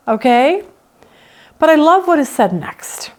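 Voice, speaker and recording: A woman teaching a Bible study in a slightly high voice. She reads scripture aloud and breaks into lively acted-out complaints, with her voice climbing as she speaks the psalmist's words. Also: unhurried, pauses often. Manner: expressive, acts out the psalmist's complaints with rising pitch.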